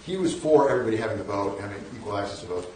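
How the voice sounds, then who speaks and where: An older man tells self-deprecating stories at a lecture, his somewhat low voice full of wry asides and little restarts. He sounds a little off-mic, carried across a large, booming hall. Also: expressive, rapid-fire, mellow, a little hiss or hum. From northern United States. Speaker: guest lecturer. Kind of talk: storytelling lecture. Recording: echoey hall, mic at a distance.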